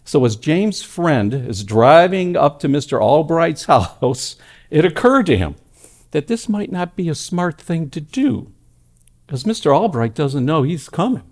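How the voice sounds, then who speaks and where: A male pastor preaching a sermon at a church service, telling stories with animated delivery that swings between loud emphatic lines and hushed ones. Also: fairly high pitch, unhurried.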